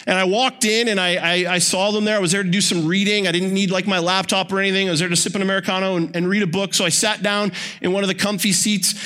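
A man preaching a sermon as a pastor, in a conversational, joking way with quick asides. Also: sits high, fairly even intonation, pushed and bright. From Canada.

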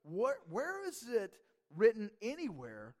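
A man's voice: high voice, huge pitch swings, takes it slowly, long reverb tail. A man preaching a sermon in a conversational, joking way, often asking "right?". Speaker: pastor.

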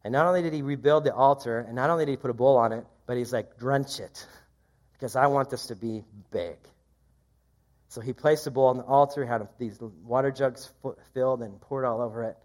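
A man preaching a sermon, reading scripture aloud and commenting in a conversational, lively way. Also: quick pace, few pauses. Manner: lively, rises in pitch when quoting. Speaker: pastor.

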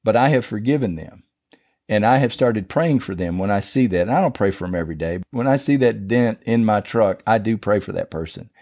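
A middle-aged man gives a devotional talk with an informal, down-home feel. He tells stories in a loose, conversational way. His voice sounds warm and mellow. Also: mid-range voice. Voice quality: folksy, conversational storyteller. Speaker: preacher.

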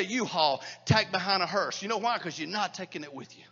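High-voiced preaching pastor, echoey hall. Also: male voice, expressive, brisk, few pauses, slightly rough, lo-fi sound. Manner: swings between loud preaching and hushed near-whispers. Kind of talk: sermon. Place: church hall.

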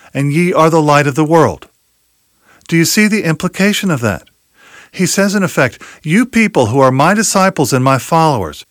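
A man delivers an expository sermon in a slightly higher voice, his pitch swinging widely as he drives home each point. He leans on rhetorical questions and quoted scripture, slowing down to weigh key words. The sound is dry, with little room echo. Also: fairly bright tone. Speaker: preacher.

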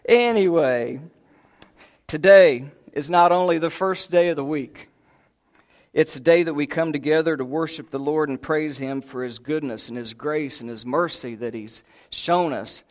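A man preaching a sermon, a folksy storyteller who acts out voices and chuckles. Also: a little high. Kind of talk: sermon with humorous stories. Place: church sanctuary.

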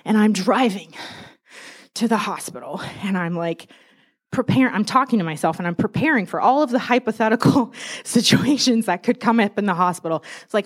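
A woman's voice: medium pitch, expressive, normal speed. Woman, young adult, church speaker, casual sermon, chatty, laughs a lot, self-deprecating.

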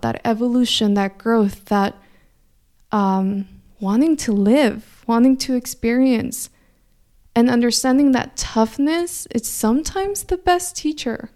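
A young adult woman, a coach hosting a weekly inspirational talk, speaking in a gentle, encouraging, reflective way. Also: on the high side, measured pace. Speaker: spiritual coach host.

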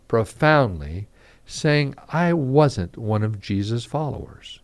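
A man preaching a radio devotional, reading scripture aloud and acting out the quotes with animated emphasis. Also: mid-range voice, slow. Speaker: radio pastor.

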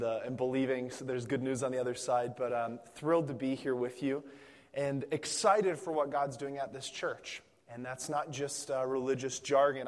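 A young man from Pennsylvania preaching a sermon in a church, telling stories in a lively, joking way with frequent restarts. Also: medium pitch. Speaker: guest preacher. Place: church sanctuary. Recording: long reverb of a church hall.

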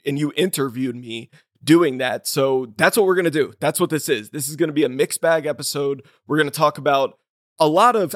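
Male podcast host, higher-pitched, rambling casual delivery, close dry mic. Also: no echo. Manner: chatty, rambling with restarts and laughs. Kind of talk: casual film talk.

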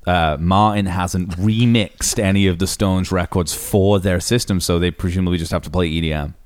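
Low-voiced man in wry music chat. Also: fairly even intonation, normal speed, no echo. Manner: wry, opinionated, reads quotes aloud. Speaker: podcast co-host.

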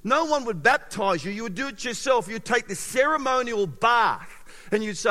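A male pastor preaching a sermon in an animated way, with sudden loud emphasis and quiet, close passages. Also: high-pitched, moderate pace. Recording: long hall reverb.

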